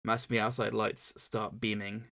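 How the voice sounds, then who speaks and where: A man's voice: fairly low pitch, level tone, normal speed, vocal fry, pushed and bright. A man co-hosting a casual book club podcast, retelling the plot in a rambling, chatty way. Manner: rambling, chatty retelling with many fillers and restarts. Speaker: podcast co-host.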